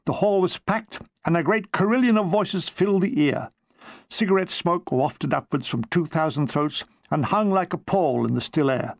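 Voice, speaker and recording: A man with a high, gravelly voice reads his memoir in a dry, comic way, now and then slipping into a quick voice for someone in the story. The recording is close and dead, with no room sound. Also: no echo. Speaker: author reading his memoir. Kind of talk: audiobook narration.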